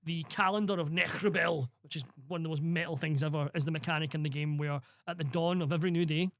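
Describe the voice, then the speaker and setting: A man's voice: on the high side, steady tone, quick pace, fairly bright tone, no room sound, studio quality. A man co-hosting a podcast, explaining with eager enthusiasm and casual swearing. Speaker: podcast co-host. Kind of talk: casual chat.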